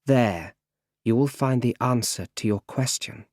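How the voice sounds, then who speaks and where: A man voicing a stern, commanding male mentor in a firm, measured way for an audiobook. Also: medium pitch, a little mellow, no echo, studio quality, lightly acted. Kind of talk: audiobook character reading.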